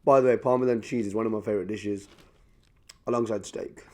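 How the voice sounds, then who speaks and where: A young man talking casually to camera as he eats at a table. He is lively and chatty, repeats himself, and goes quieter once he starts eating. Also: on the low side, brisk. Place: indoors at a table.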